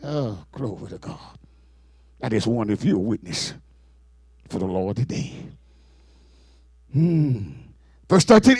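A male preacher delivering an exclamatory sermon, shouting and whooping between scripture readings. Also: on the low side, big pitch swings, measured pace, long pauses, husky, dry recording, clean studio sound.

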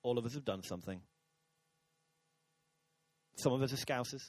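A man's voice: medium pitch, moderate pace, no echo. A man preaching a sermon to a congregation in a church, chatty and jokey, talking with the crowd. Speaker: pastor. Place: church auditorium.

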